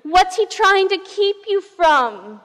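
A woman pastor voicing a sly male serpent tempter who coaxes slowly and persuasively. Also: extremely high pitch, sing-song, a bit bright, pitched above the performer's own voice, exaggerated voice. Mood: coaxing. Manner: coaxing, slow and persuasive. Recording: reverberant hall.

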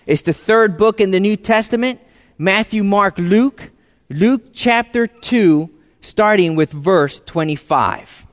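A man preaching a sermon as pastor, talking conversationally and dropping into soft, hushed tones for emphasis. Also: sits high, takes it slowly. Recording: long hall reverb.

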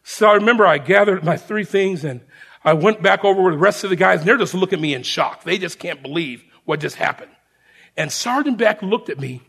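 Preacher guy telling his story, high and lively, raspy gravel in it. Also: brisk. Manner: animated storyteller addressing a congregation. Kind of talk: sermon testimony storytelling.

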